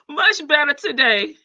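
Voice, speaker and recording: A woman's voice: sits high, pushed and bright. Laughing woman live-streaming to her chat. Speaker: livestream host. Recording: dull lo-fi stream audio.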